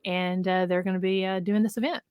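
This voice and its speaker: A woman's voice: medium pitch, fairly even intonation, a little fast, clean tone, no echo, muffled recording. A woman co-hosting a live podcast, chatting casually with many fillers and easy laughs. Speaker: podcast co-host.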